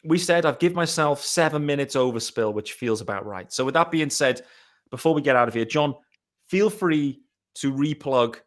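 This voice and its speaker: A man's voice: fairly high pitch, expressive, moderate pace. A man from Britain hosting a podcast, friendly and chummy as he wraps up the show. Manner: friendly, chummy wrap-up talk. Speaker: podcast host. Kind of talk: casual chat.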